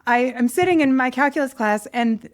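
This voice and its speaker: A woman from rural California hosting a podcast, telling stories in an animated, self-deprecating way. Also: high voice, normal speed. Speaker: podcast host. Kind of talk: casual conversational interview.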